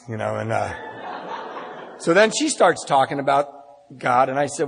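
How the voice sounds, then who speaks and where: A man's voice: on the high side, big pitch swings, unhurried, long pauses, a faint crowd, slight background noise. A middle-aged man giving a personal recovery talk at a meeting, telling his story with self-mocking humor and acting out the dialogue. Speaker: AA speaker. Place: meeting hall. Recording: husky voice in a long-reverb hall.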